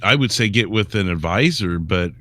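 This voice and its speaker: A man's voice: deep voice, expressive, normal speed, a bit bright. A man co-hosting a podcast, blunt and profane, explaining money tips in a casual way. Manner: blunt, profane, gives practical advice. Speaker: podcast co-host.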